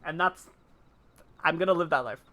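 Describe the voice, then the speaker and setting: A woman's voice: low voice, normal speed, fairly bright tone. A woman streaming live, chatting casually and laughing easily while answering her chat.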